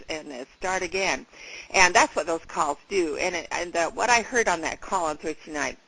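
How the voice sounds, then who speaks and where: A woman with a gravelly morning voice leading a sales training over a phone conference call, upbeat and enthusiastic and loosely rambling. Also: lowish voice, fairly bright tone, low-quality recording. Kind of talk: motivational training talk. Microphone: phone line into a conference call.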